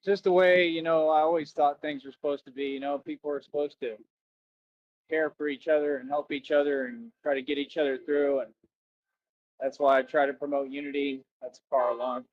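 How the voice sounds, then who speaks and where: The recording is lo-fi: a fairly high-pitched man with fairly even intonation talks a little fast while livestreaming by a road outdoors. He rambles repetitively to viewers, repeatedly saying "that's right" and asking them for donations.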